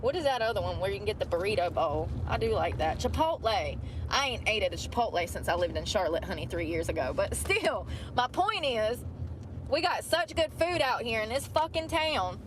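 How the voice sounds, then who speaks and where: A woman's voice: medium pitch, expressive, normal speed. A woman, ranting in a chatty, profane, rambling way, filmed as she drives. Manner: profane, chatty, drawling asides. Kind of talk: rambling casual rant. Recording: clip with traffic and outdoor noise.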